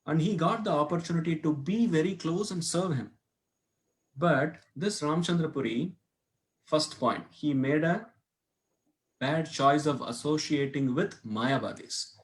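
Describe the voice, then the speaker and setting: A man's voice: on the high side, measured pace. A man teaching a devotional scripture class, telling a story and asking his listeners questions as he goes. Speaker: class speaker. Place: temple hall.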